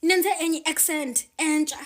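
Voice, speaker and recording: South african woman, real high voice, playful, switching into xhosa bits. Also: fairly even intonation, moderate pace. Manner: playful, mixing English with Xhosa phrases. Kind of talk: casual social media clip.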